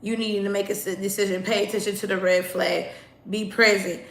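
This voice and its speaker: A woman's voice: mid-range voice, flat delivery, brisk, fairly bright tone, roomy sound, a little hiss or hum. A woman doing a casual tarot reading, talking bluntly and chattily straight to her viewers, sometimes swearing. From United States. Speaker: tarot reader.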